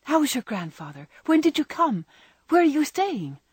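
A woman reading aloud, voicing an eager young woman who speaks with bright excitement. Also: lowish voice, brisk, breathy edge, no room sound, studio quality, full character voice. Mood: excited.

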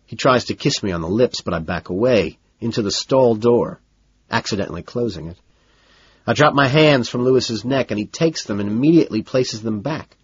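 A man narrating a novel in the first person with a cool, measured, low-key delivery. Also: husky, dry recording, dull audio. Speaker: audiobook narrator.

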